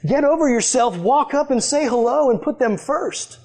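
Guy with a high voice preaching to a youth group, casual and emphatic, like talking straight to the kids. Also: animated, moderate pace, a little mellow. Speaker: youth pastor.

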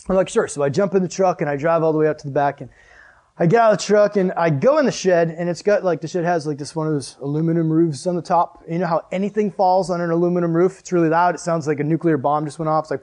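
A young man preaching to a youth group, telling a story with lively acted-out exclamations and then reading scripture. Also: high voice, quick pace. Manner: animated storyteller, acts out dialogue with loud exclamations. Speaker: youth pastor.

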